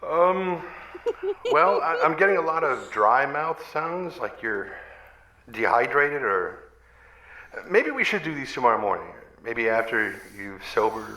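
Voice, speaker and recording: A jittery, stammering recording producer, as a man plays him with a bright, tense tone. He stays polite and hesitant, and his voice rings in an echoey room within a comedy skit. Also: medium pitch, expressive, a little slow. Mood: nervous.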